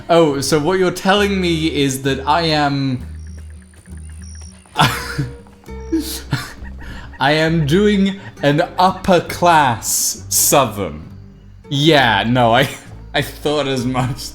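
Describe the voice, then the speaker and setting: A man streaming a game and chatting casually with viewers, self-mocking, reacting out loud. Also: medium pitch, big pitch swings, slow. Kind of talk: casual gameplay commentary. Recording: game music underneath.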